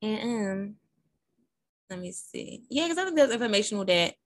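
A woman's voice: mid-range voice, sing-song, normal speed, dry recording. A young adult woman hosting a casual live podcast recap, talking straight to her listeners in a rambling, blunt and profane way. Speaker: podcast host.

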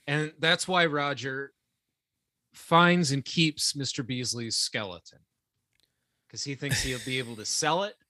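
A young man co-hosting a podcast who chats casually in an animated, teasing way and laughs often. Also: medium pitch, a little slow, long pauses, dry recording. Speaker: podcast co-host. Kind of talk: casual chat.

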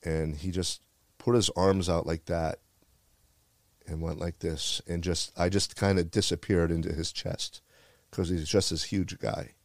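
His voice sits low with little pitch movement and comes a bit slowly, with no room sound. He's a retired firefighter from the Bronx, New York, telling a personal story in a heartfelt, earnest way and repeating phrases.

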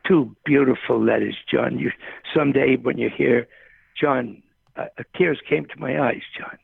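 A man's voice: medium pitch, normal speed, no echo. An older man, a tennis coach, telling rambling stories in a phone interview, often saying the host's name. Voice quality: gravelly, husky. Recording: tinny phone line.

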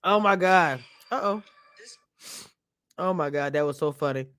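A woman's voice: low voice, a little slow, fairly bright tone, dry recording, clean studio sound. A woman hosting a casual live stream, chatting straight to her viewers and laughing often as she talks. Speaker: live-stream show reviewer.

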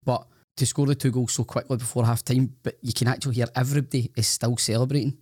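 A man's voice: mid-range voice, flat delivery, fast, darkish tone, no room sound, studio quality. A Scottish man co-hosting a podcast, telling stories in a rambling, self-deprecating way that is full of restarts. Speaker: podcast co-host. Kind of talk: casual podcast chat.

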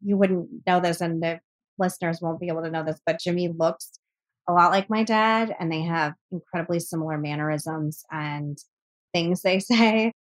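A woman's voice: lowish voice, steady tone, normal speed. A woman guest on a podcast, speaking earnestly and reflectively about grief, often breaking into short laughs. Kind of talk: candid conversational interview.

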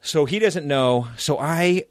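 A man's voice: on the high side, slow pace, dry recording. A middle-aged man co-hosting a podcast, casually telling a comic story with lots of swearing and acted-out panic. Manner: profane, animated storyteller, acts out his own panic. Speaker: podcast co-host.

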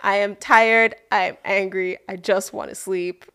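A woman's voice: mid-range voice, steady tone, unhurried, sharp tone, clean tone. A woman from Nigeria co-hosting a podcast, talking earnestly and frankly in a casual chat. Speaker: podcast co-host.

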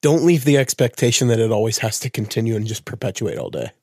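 Gravelly man telling a story. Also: medium pitch, fast talker, no room sound, studio quality. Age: parent of young child. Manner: animated storyteller, puts on voices in anecdotes. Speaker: podcast co-host. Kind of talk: casual chat.

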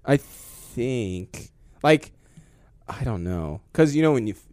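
A man's voice: medium pitch, animated, slow pace, a little mellow, no room sound. A man chatting casually on a podcast, rambling and often trailing off, laughing a lot. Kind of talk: casual chat.

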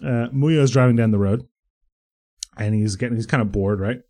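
A man's voice: medium pitch, normal speed, dark tone. A man co-hosting a podcast, telling rambling stories in casual chat and laughing at his own jokes. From Yugoslav family background. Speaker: podcast co-host.

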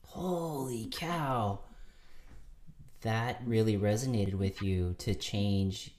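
A man hosting a podcast interview, giving short, low-key responses. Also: very slow, darkish tone. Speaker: podcast host.

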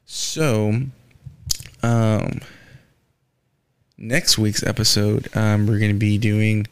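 A man's voice: lowish voice, completely flat delivery, drawn-out words, smooth, no room sound. A young man hosting a casual solo podcast, ranting with lots of swearing and filler words. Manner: profane, ranting, frequent "man" and "um". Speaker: podcast host. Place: Houston.

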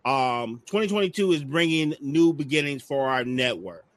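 A man's voice: medium pitch, expressive, moderate pace, dry recording. A man hosting a casual online show, joking and rambling through the lineup with lots of ums. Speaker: network host. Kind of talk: casual livestream chat.

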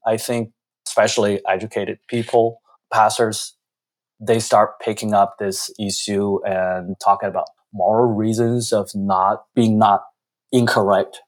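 A man, giving earnest, reflective interview answers with frequent restarts. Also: on the low side. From China.

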